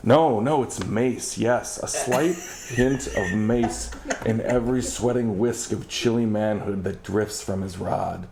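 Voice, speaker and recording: Slow, gravelly man reading melodramatically. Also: on the low side, crowd noise. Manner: overwrought and theatrical, swinging from hushed to frantic; breaks into laughter. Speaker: podcast host. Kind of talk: melodramatic comedic first-person story reading.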